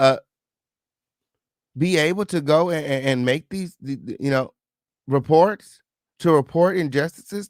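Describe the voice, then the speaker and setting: A man's voice: fairly high pitch, no echo, studio quality. A man hosting a live stream, chatting casually with viewers and reading comments, sassy and heated, swearing freely.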